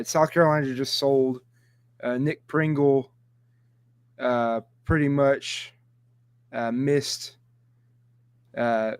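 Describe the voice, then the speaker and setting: Smooth-voiced young man, hesitant. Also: mid-range voice, no room sound. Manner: hesitant, many ums. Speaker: co-host. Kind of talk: casual sports chat.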